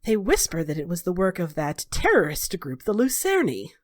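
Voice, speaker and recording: A woman's voice: lowish voice, wildly swooping pitch, moderate pace. Woman doing a menacing, silky male noble for a tabletop game. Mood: silky menace. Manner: mock-polite, taunting. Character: cruel smug male magister, sly and menacing.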